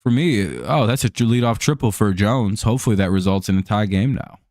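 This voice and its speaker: American man, stream host, casual game chat, rambling, profane, lowish voice, dry close sound. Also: expressive, a little fast, darkish tone, no echo. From United States. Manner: rambling, profane, heavy on fillers. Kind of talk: casual chat over a live baseball game.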